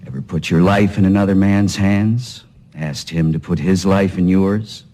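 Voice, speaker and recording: A hard-bitten older army colonel in a film scene. His voice sits low and sounds dark and heavy. He talks in a clipped, interrogating way, full of contempt. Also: fairly even intonation, a little slow. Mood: stern. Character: gruff, commanding older male army colonel.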